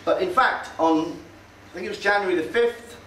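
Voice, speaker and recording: Speaking at normal speed in a high, slightly bright voice, this man gives an offhand, sardonic public talk in a meeting hall, hesitating and leaning on fillers. Heard from far off in a roomy hall, faint noise underneath.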